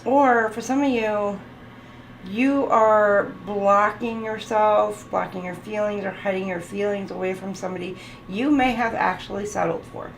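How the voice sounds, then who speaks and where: A woman's voice: medium pitch, fairly even intonation, unhurried, vocal fry. A woman giving a casual tarot reading, chatting and listing card keywords as she goes. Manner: chatty, laughs often, lists card keywords. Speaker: tarot reader. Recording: roomy with faint background noise.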